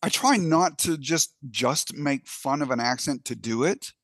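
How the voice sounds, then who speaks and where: A man in casual podcast chat stumbles and restarts as he explains himself, sounding unsure of his own knack. His voice is animated, moving up and down, and sits dry and close to the mic. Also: fairly high pitch, unhurried, no room sound. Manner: hesitant, self-doubting, restarts often. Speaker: podcast co-host.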